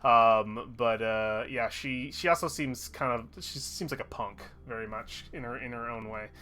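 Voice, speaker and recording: Bright-voiced easygoing male game master. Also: medium pitch, normal speed. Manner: easygoing, laughs often, fillers. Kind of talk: narrating a tabletop game.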